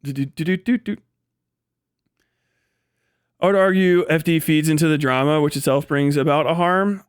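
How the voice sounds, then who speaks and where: A man's voice: fairly high pitch, moderate pace, clean tone, dry recording, clean studio sound. Profane, rambling man streaming live. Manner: rambling, profane, laughs often. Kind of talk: casual livestream commentary.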